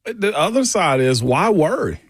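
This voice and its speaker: Animated male radio co-host talking trash. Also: sits high, moderate pace, slightly rough, dry recording, clean studio sound. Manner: animated, fiery trash talk, casual slang. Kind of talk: sports talk radio. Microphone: studio microphone.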